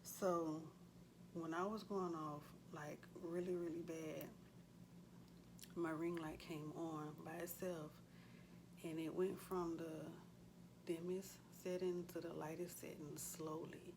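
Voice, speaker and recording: A woman's voice: sits low, flat delivery, slow, noisy background. A woman in her forties, a vlogger, talking in an earnest, heartfelt, conversational way with frequent fillers. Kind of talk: casual chat.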